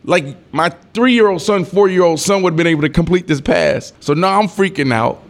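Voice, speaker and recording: A former NFL wide receiver in his thirties, appearing as a guest in a casual interview, tells a story in a slightly high, gravelly voice at a moderate pace. He's an animated storyteller who acts out quotes, swears and laughs along the way.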